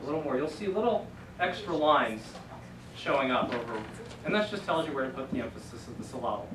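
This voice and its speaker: A man's voice: medium pitch, animated, brisk, background noise. A man teaching Greek to a class, explaining patiently step by step in a casual lecture. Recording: echoey classroom from a distant camera.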